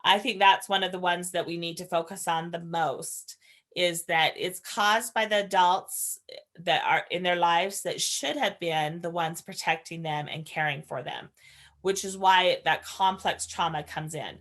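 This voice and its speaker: A woman's voice: on the low side, a little slow, fairly bright tone. A woman giving an earnest, conversational training lecture as a foster parent trainer, explaining ideas and sharing stories from her own home.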